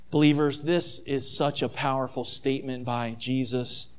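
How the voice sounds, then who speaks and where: A male pastor preaching a dramatic sermon, calling his listeners family and swinging between hushed and loud passages. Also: medium pitch, steady tone, slow, long pauses, smooth.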